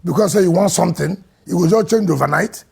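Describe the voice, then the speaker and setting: Answering interview questions with emphasis, a Nigerian-accented governor moves back and forth between loud and quiet delivery. His pitch sits high, he talks fast, and there's vocal fry and a slight roughness.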